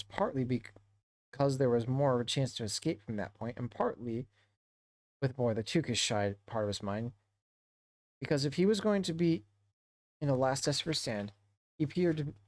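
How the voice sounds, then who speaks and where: A man streaming to a book club, reading a novel aloud in a halting way and often correcting himself. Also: medium pitch, darkish tone, no echo. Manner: halting read-aloud with frequent self-corrections.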